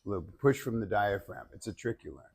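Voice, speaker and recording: A man leading a public speaking workshop, giving feedback and demonstrating techniques in an animated way. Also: lowish voice, quick pace, vocal fry, slightly rough.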